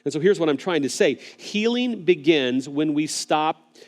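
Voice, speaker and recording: A man preaching a sermon as pastor, earnest and gentle, often repeating words as he starts a phrase and speaking straight to viewers online. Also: fairly high pitch, lively intonation, unhurried.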